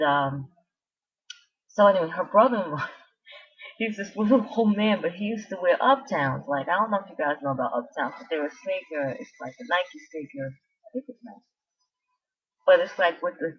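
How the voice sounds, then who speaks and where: A woman chatting casually on her vlog, telling a meandering story full of asides and restarts. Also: deep voice. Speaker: vlogger. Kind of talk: casual rambling chat. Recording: dull lo-fi recording.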